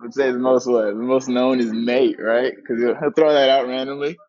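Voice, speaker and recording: A man's voice: mid-range voice, moderate pace. Laid back guy from atlanta, kinda hesitant, lots of "like", slightly muffled sound. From Atlanta area, USA. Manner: relaxed, hesitant, says "like" often. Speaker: minor league pitcher. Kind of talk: casual interview.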